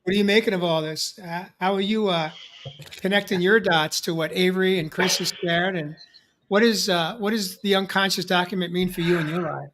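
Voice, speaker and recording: A man's voice: high-pitched, steady tone, a little fast, a bit bright, slight background noise. A man hosting a live discussion show, talking in an affirming, encouraging way. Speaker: podcast host.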